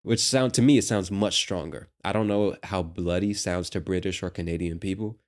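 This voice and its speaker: An American man hosting a lesson, explaining a clip slowly and patiently with casual asides. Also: low voice. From United States. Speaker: host.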